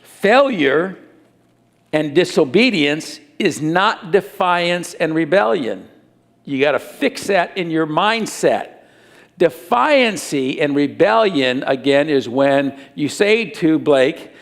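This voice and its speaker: A middle-aged man preaching a sermon as a pastor, animated and acting out little scenes. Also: fairly high pitch, slow, creaky.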